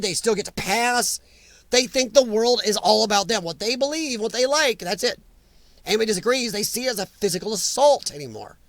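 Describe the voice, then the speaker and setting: A man's voice: high voice, a bit bright, dry recording. A man hosting a casual live stream, ranting bluntly with strong opinions while reading viewer comments.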